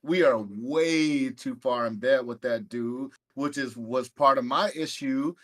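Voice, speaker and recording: A man hosting a casual podcast chat, loud, profane and joking with his friends. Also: mid-range voice, a little slow. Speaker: podcast host.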